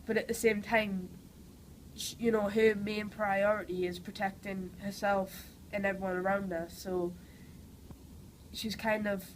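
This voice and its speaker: A woman's voice: medium pitch, flat delivery, a little slow, a little hiss or hum, poor audio. Chatty young Geordie woman with a cold. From Newcastle, England. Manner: chatty and enthusiastic, many "like" and "you know" fillers. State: has a cold. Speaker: actress interviewee. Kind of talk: casual interview answers.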